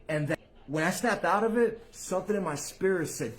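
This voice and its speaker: A man hosting his own channel, talking casually to viewers in street slang. He swears freely and swings between low mutters and loud bursts. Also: fast talker. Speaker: channel host.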